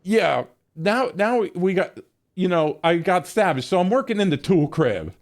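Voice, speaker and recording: A man's voice: high voice, big pitch swings, moderate pace. A middle-aged man telling a long, profane, rambling story while streaming a game, laughing often.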